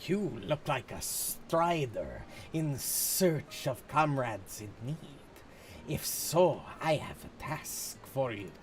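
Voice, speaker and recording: A man reading game dialogue aloud, voicing a stilted resistance trainer in a put-on accent with slow, formal, archaic phrasing. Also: medium pitch, very animated, slight background noise.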